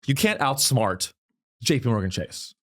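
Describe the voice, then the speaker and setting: Very animated yet a little slow, a man with a medium-pitched, slightly bright voice hosts a comedy podcast. The chat is loose and profane, wandering off topic and frequently breaking into impressions that mock others.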